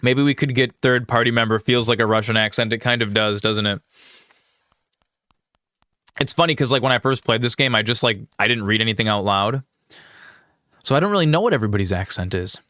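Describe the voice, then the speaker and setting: A man's voice: mid-range voice, a little fast, pauses often, pushed and bright, no echo, studio quality. A man hosting a gaming channel, chatting casually and easily over a let's-play, with fillers.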